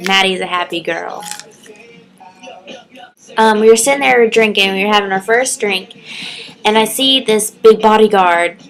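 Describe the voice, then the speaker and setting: A woman's voice: a little slow, long pauses, fairly bright tone, soft background music, rough recording. Chatty young woman vlogging, giggly. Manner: chatty, giggly, lots of "like" and "um", acts out quotes in a high voice. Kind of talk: casual storytelling vlog.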